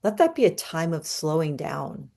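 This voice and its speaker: A woman giving an astrology reading and guiding a breathing ritual in a calm, soothing, unhurried way. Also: low-pitched, creaky. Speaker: astrology reader. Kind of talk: guided breathing and astrology talk.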